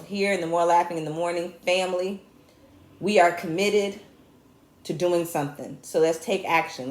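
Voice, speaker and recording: A woman with a Southern US accent hosting a casual comedy talk show, joking and speaking with conviction. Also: lowish voice. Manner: animated, joking, preachy asides. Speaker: host. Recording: echoey room.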